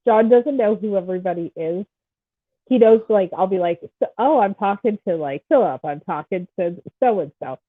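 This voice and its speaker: Casual, chatty woman hosting a podcast, stuffed up and husky, rambling and teasing, over a tinny phone-like line. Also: mid-range voice, animated, moderate pace, dry recording. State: stuffed-up nose. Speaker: podcast host. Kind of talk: casual chat.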